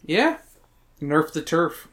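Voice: medium pitch, big pitch swings, slow pace, fairly bright tone. A podcast host reading chapter summaries aloud in a casual book club chat, with crude and irreverent joking.

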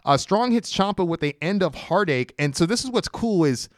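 A man's voice: high voice, animated, moderate pace, no room sound, studio quality. A man co-hosting a casual podcast, giving a detailed play-by-play recap with frequent filler words. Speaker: podcast co-host. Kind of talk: casual wrestling podcast chat.

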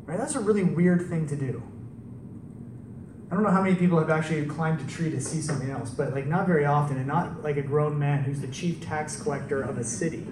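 An animated male preacher with a fairly high voice tells the story to a live crowd and keeps checking in with rhetorical questions. He sounds a bit far from the mic, and the large room adds a strong echo. A faint hum of ambience sits underneath. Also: brisk. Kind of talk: conversational sermon.

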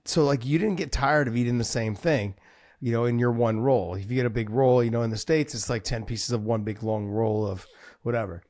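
Rambling, laughing podcast host, middle-aged man, average pitch, dry close mic. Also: a little fast, a little mellow, no room sound. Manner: chatty, laughing, rambling storyteller. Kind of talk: casual chat.

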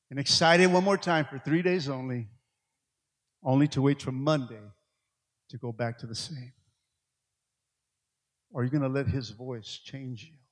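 A man preaching a sermon as pastor, swinging from loud, urgent appeals to quiet, low passages. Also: big-room sound. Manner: preaching with rising, shouted appeals and quiet stretches.

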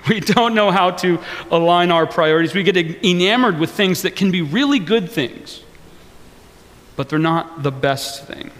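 A man preaching a sermon in a casual, joking way. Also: a little high. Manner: conversational and joking, animated. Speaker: pastor. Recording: long reverb of a large hall.

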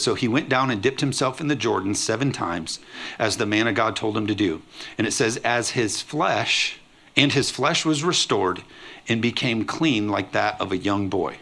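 A man pastor preaching a lively sermon, acting out quoted voices with humor. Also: fairly low pitch, creaky.

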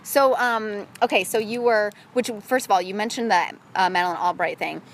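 A woman's voice: mid-range voice, steady tone, normal speed. Chatty woman with faint background hiss. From American Midwest. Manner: chatty, lots of "you know" and "like". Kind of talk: casual chat.

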